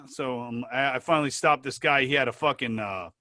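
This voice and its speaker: A man as an interview guest, telling animated, profane anecdotes in casual talk. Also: mid-range voice, a little fast, no echo. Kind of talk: casual storytelling.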